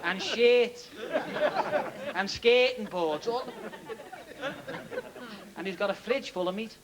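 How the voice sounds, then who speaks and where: A man's voice: high voice, slow pace. A man telling a rambling joke on stage, chuckling at his own story. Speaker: stand-up comedian. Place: live comedy venue. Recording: noisy live recording with loud crowd.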